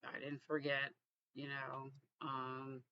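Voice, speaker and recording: A man from Texas, vlogging in a reflective, halting way with frequent restarts. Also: mid-range voice, completely flat delivery, gravelly, no echo, lo-fi sound. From Texas, USA. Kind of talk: casual personal vlog.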